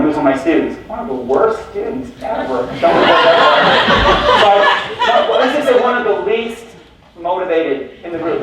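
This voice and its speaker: In a large lecture hall, recorded from far off with heavy echo and a noisy background, a man with a higher voice gives a conference keynote. Animated and jokey, he tells stories and quizzes the audience with questions.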